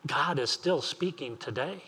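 A man's voice: a little high, animated, measured pace, sharp tone, slightly rough. A man preaching an earnest sermon as pastor, repeating phrases and asking rising questions.

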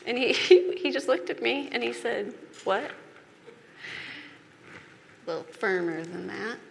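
A woman's voice: a little high, expressive, moderate pace, gravelly. A woman preaching a sermon as a personal testimony, earnest and confessional, with emphatic repetition. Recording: reverberant hall with faint background noise.

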